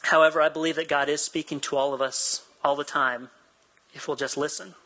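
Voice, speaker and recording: A man's voice: on the high side, steady tone, brisk, bright, forceful tone, rough recording. A man preaching a sermon, telling a personal story in a chatty, self-deprecating way and laughing easily. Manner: acts out quoted dialogue. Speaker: pastor.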